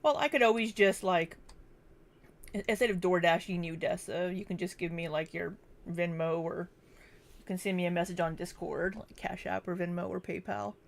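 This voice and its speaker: Chatty woman with a gravelly edge. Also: fairly low pitch, steady tone, normal speed. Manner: chatty, distracted, reads viewer names aloud. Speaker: livestream host. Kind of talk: casual livestream chat reading super chats. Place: home, kitchen.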